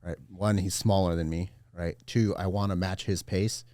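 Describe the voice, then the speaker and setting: A man chatting casually as a podcast guest, laid-back and quick to laugh. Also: sits low, fairly even intonation, mellow, dry recording, studio quality. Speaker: podcast guest, jiu-jitsu black belt.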